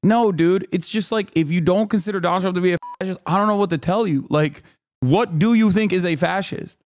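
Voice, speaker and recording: A man's voice: high-pitched, a little fast, darkish tone. Profane, worked-up streamer man. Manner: emphatic, incredulous, heavy swearing. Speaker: streamer reacting to a clip. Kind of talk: reaction stream commentary.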